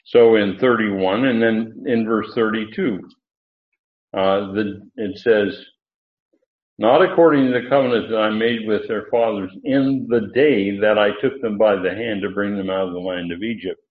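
Slow, halting man teaching scripture, tinny and echoey. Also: on the low side. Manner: halting, many fillers and restarts, stresses emphatic words. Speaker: Bible teacher. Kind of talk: verse-by-verse Bible teaching. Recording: echoey room on a tinny phone-like line.

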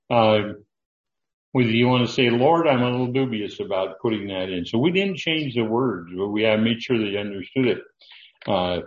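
An older man preaching a sermon, speaking in a slow, halting way with frequent fillers and restarts. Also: medium pitch, reverberant, highs cut off. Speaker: pastor.

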